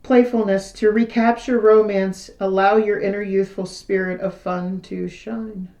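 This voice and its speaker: A woman doing a casual tarot reading, chatty and self-deprecating, her voice still a little hoarse after losing it. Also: mid-range voice, little pitch movement, unhurried, darkish tone, echoey room. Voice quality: slightly hoarse, recovering from lost voice. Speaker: tarot reader. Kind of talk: casual tarot reading, reading card texts aloud.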